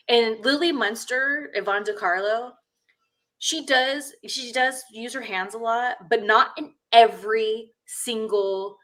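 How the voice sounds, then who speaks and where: A woman's voice: a little high, measured pace, a bit bright. A woman hosting a podcast in casual chat, blunt and rambling with lots of fillers. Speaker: podcast host.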